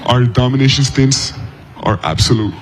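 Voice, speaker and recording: A man answering questions at a press conference in a halting way, searching for words. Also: mid-range voice, a little hiss or hum.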